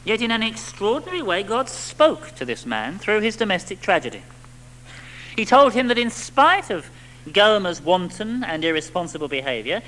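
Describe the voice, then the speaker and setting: Lively, bright-voiced preacher man. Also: sits high, normal speed, rough recording. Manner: animated, rhetorical tag questions, acts out little quotes. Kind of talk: sermon.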